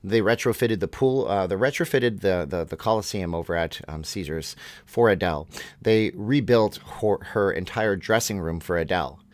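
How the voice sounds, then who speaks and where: A man's voice: sits low, moderate pace, dry recording. A man hosting a vlog, giving opinionated commentary in a ranting way, often repeating and restarting his words. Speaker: vlog host.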